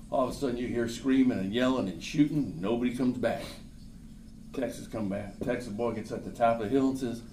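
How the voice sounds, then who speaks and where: A man's voice: medium pitch, darkish tone, slight background noise. Man speaking from far off in a roomy seminar hall. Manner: folksy joke-telling, then brisk sales explanation. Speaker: insurance company speaker at a seminar. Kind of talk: seminar talk with jokes. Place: seminar room at a breakfast event.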